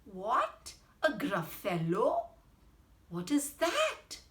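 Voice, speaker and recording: A sly, hungry fox from a bedtime story, smooth and coaxing, as a woman with an Indian English accent reads him. The lines rise and fall with a lively, slow lilt. The voice carries a roomy echo. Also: fairly high pitch, voice pushed up, full character voice. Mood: curious.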